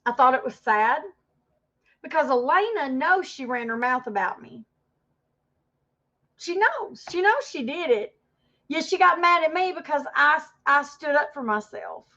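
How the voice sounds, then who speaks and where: A woman's voice: sits high, bright, forceful tone. A woman in her fifties ranting defensively and rambling on a casual livestream, turning aside to greet viewers in the chat. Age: 50s. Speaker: livestream host. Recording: dull lo-fi stream audio.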